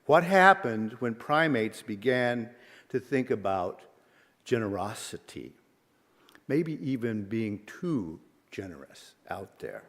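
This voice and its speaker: A man, a minister, giving a sermon in a measured, reflective way and asking many rhetorical questions. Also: fairly low pitch, big pitch swings, a bit bright. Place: church sanctuary. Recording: long reverb of a large hall.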